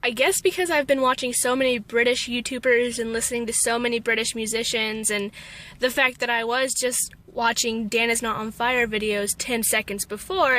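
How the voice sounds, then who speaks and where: High bright young American woman. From Texas. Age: young adult. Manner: self-deprecating, animated storytelling. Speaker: vlogger. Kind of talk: storytelling vlog.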